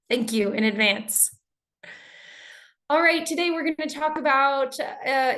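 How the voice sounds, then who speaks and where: Woman, American accent, English teacher, online class, friendly, energetic, higher voice. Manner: friendly, energetic, interactive with chat.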